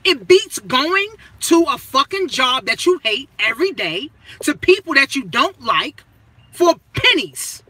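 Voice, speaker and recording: A woman's voice: high-pitched, sing-song, a little slow, dry recording, low-quality recording. A woman money coach in a blunt, profane motivational rant, full of rhetorical questions and punchy, emphatic phrasing. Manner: punchy, emphatic phrasing that swings between loud and hushed.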